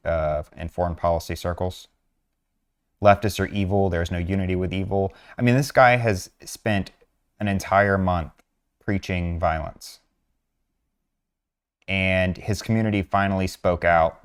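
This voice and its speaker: Man, very low voice, flat delivery, earnest, measured, lots of fillers, narrating over on-screen posts. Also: clean tone.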